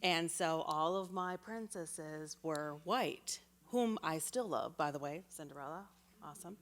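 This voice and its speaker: Low-voiced woman sharing a story. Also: measured pace. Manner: earnest, rambling. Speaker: audience member.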